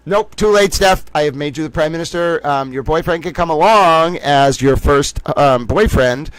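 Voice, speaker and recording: Male streamer, voice on the high side, quick jokey banter with chat, dry close sound. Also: clear, resonant tone, no echo. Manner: animated, jokey, calls himself a little towel; talks to chat viewers by name. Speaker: livestream host. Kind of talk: casual livestream chat.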